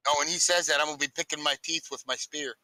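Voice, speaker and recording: A man's voice: on the high side, fast, no echo, low-quality recording. A man playing a tabletop role-playing game with friends, boisterous and joking as he speaks for his character. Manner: boisterous, lively in-character boasting. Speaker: player.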